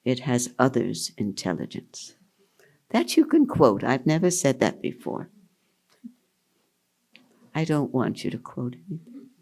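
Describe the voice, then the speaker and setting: An older woman speaks slowly, with a gravelly edge in her voice. Her pitch rises and falls in a lively way as she answers questions at a retreat. She sounds amused and laughs often. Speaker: spiritual teacher.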